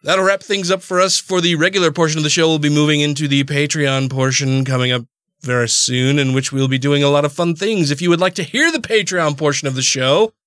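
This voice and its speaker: A man hosting a casual podcast, with a slightly higher voice. He laughs often and swears freely. He is recorded dry and close to the mic, with no room sound. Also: steady tone, brisk, a bit bright, no echo. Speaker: podcast host.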